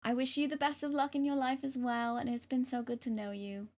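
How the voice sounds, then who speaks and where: A young woman streaming live and reading tarot, speaking gently and hesitantly with many ums and restarts. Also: high voice, level tone, fairly quick. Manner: gentle and affirming. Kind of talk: casual live-stream chat.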